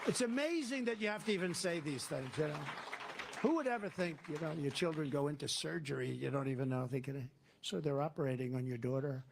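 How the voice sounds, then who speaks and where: A man's voice: on the high side, lively intonation, brisk, gravelly, noisy background. A man giving a campaign rally speech as a political candidate, talking in a rambling, digressive, repetitive way.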